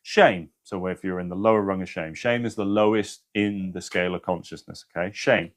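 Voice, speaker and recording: A man with a fairly low voice hosts a relaxed spiritual livestream. He talks earnestly and swears freely. He reads passages aloud with strong emphasis. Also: normal speed. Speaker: spiritual live-stream host. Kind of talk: casual livestream talk, reading aloud.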